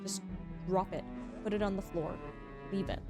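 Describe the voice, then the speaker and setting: A woman livestreaming a game, chatting casually and teasingly with her viewers, with quiet music behind her. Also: medium pitch, normal speed. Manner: chatty, animated, teasing, talks to chat. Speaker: streamer. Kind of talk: casual livestream chat while gaming.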